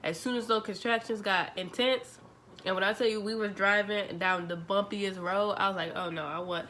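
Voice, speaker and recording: A young woman, telling a story to her vlog audience in a chatty, animated way, acting out the dialogue. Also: medium pitch, normal speed, slight background noise. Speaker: vlogger. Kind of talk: casual storytelling.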